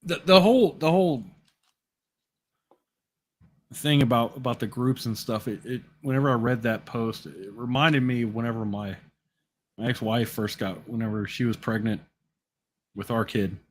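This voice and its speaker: Profane storytelling man. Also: medium pitch. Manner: profane, storytelling with lots of cursing; restarts and repeats words. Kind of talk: casual chat.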